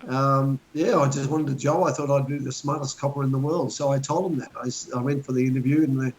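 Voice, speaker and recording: A man's voice: medium pitch, steady tone, quick pace, few pauses, darkish tone, poor audio. An Australian man in his fifties, a talk show guest spinning long rambling anecdotes in casual chat. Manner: rambling anecdotal storyteller, chuckling.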